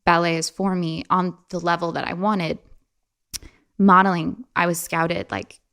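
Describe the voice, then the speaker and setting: A young woman chats casually as an interview guest at a measured pace. She's animated and talkative, often slipping into a playful high voice when quoting someone.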